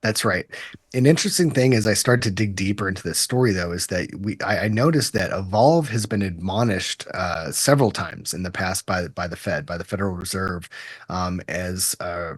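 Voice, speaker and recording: A lower-voiced man with a mild Southern accent talks through the news in a relaxed way, padding his sentences with fillers. The sound is dry and close-miked. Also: normal speed, husky, no room sound. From Texas. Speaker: co-host. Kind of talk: casual podcast chat and news rundown.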